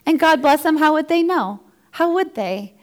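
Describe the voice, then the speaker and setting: A woman's voice: high-pitched, animated, normal speed. Earnest woman in her thirties, testimony talk. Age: 30s. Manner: earnest, heartfelt, acts out quoted dialogue. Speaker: founder of a ministry for first responder families.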